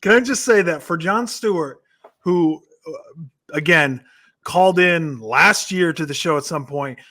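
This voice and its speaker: A man on a podcast teases his co-hosts and eggs them on. His voice is fairly high for a man. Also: measured pace, bright, forceful tone. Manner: teasing, laughing, egging others on. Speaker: podcast co-host. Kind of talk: casual podcast chat.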